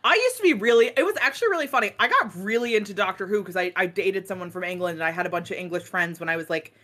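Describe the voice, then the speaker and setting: A woman co-hosting a casual podcast chat, rambling and animated, swearing freely. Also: medium pitch, racing. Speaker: podcast co-host.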